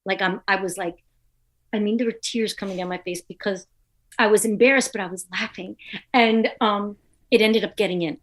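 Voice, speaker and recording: A woman comedian guest telling a lively anecdote in a podcast interview, acting out the people she quotes. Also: medium pitch, normal speed. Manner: animated, acts out quoted voices.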